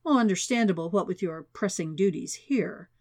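A man's voice: sits high, lively intonation, normal speed. A woman reading an audiobook, voicing a wry, commanding male intelligence director who speaks in a curt, authoritative way.

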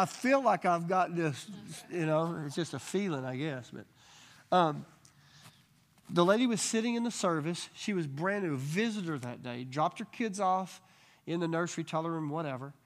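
A man with a somewhat high voice teaches a church Bible study group. He tells healing stories with animated energy and slips into quick quoted voices.

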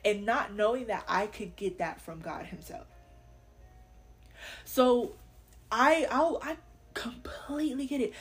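A young woman hosting a faith podcast, talking candidly and earnestly in casual slang, sometimes laughing. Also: mid-range voice. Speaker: podcast host.

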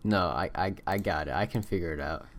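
A man's voice: low voice, brisk. A young man co-hosting a podcast, playful and teasing, often stumbling and restarting his sentences. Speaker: podcast co-host. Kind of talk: casual chat.

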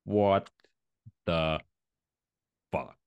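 A man co-hosting a casual podcast chat, animated and profane, slipping into mocking quoted voices. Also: sits low, extremely slow, smooth, muffled recording. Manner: animated, swearing, jokey mock quotes. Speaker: podcast co-host.

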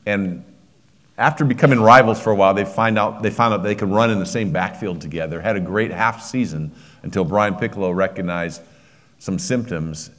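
A man's voice: fairly low pitch, normal speed, a bit bright. A middle-aged man preaching a sermon, telling a personal story with emotion and frequent restarts.

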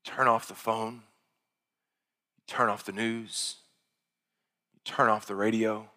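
A male pastor preaching a sermon, rising to loud, high-pitched exhortation and dropping to hushed, quiet passages. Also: level tone, slow. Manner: impassioned preaching that swells loud and high, then drops to hushed tones. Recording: long hall reverb.

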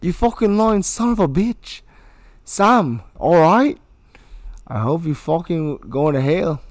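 Man reading a scene as a snarling teen bully, put-on accent, wildly swinging pitch, dry close sound. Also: animated, slow, no echo. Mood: raging. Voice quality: shouty, snarling, spitting insults. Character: foul-mouthed raging teenage boy bully. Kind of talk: reading a film scene aloud.

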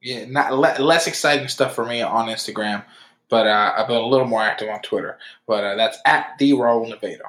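A man's voice: mid-range voice, brisk, fairly bright tone, echoey room. A man co-hosting a podcast, talking casually with many restarts and fillers. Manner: hesitant, lots of "like" and restarts. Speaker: podcast co-host.

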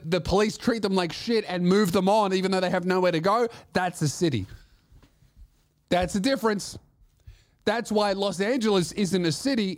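A man giving a comedic podcast monologue as host, ranting sarcastically and swearing freely. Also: sits high.

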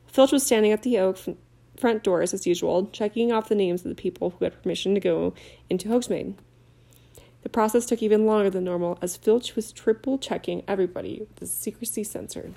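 Woman audiobook reader, warm mellow tone, plain storytelling. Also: mid-range voice, brisk, vocal fry. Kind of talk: reading a novel aloud.

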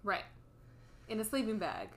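A woman's voice: mid-range voice, huge pitch swings, moderate pace, fairly bright tone, a little hiss or hum. A woman co-hosting a podcast, chatting casually and poking fun at a movie with easy laughs. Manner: wry, laughs easily, mocks the film. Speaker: podcast co-host. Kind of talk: casual chat reviewing a movie.

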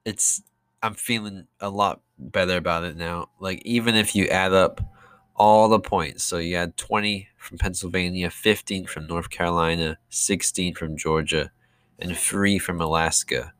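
A man's voice: sits low, steady tone, unhurried, fairly bright tone, smooth, no echo. A young man recording a casual audio diary, rambling and sarcastic, with many fillers and restarts. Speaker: vlogger.

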